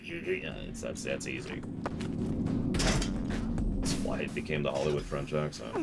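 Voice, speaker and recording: A man giving joking, chatty commentary while streaming a game and reading out viewer messages, with loud game music behind. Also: a bass voice, little pitch movement, measured pace, vocal fry. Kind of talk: live gameplay commentary.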